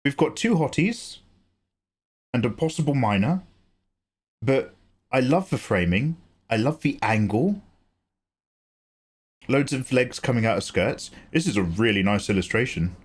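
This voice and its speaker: A man's voice: medium pitch, measured pace, pauses often, breathy edge. English guy streaming, chatty, swears a lot, voice jumps around a lot. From England. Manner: chatty, animated, swears and laughs easily. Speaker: livestream host. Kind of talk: casual livestream chat.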